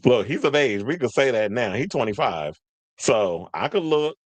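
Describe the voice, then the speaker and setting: Lively, gossipy man hosting pop-culture chat. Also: mid-range voice, normal speed, no room sound. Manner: playful, gossipy, laughs often, mock-swooning asides. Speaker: host.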